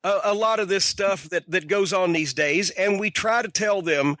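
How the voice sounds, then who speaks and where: A man's voice: sits high, normal speed, pushed and bright, dry recording. A man hosting a podcast interview, talking emphatically with strong opinions and the odd swear. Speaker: podcast host.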